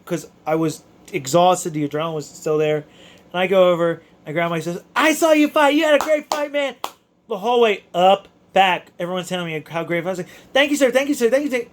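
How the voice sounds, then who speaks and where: A man, an amateur boxer, excitedly recounting his fight in a casual, emotional way with stumbling restarts. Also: high voice. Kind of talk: casual storytelling to camera.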